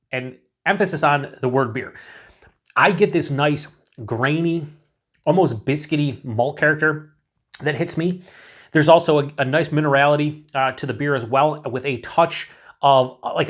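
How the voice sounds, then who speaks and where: A man reviewing a beer on his own in a casual, rambling way, full of fillers and restarts, cheerful and swearing now and then. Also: fairly high pitch.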